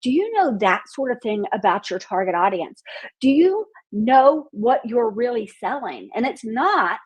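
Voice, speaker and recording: A high-voiced woman with a husky edge hosts her marketing podcast. She talks bluntly and outspokenly, swears freely, and drives every point home with fired-up conviction. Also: sing-song, unhurried.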